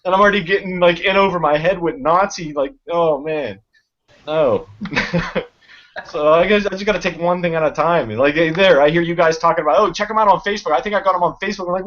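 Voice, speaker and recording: A man's voice: high-pitched, brisk, a bit bright. A man, chatting casually with friends on camera, swearing a lot, rambling and laughing often. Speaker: channel host. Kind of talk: casual chat among friends. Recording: dull lo-fi recording with faint noise.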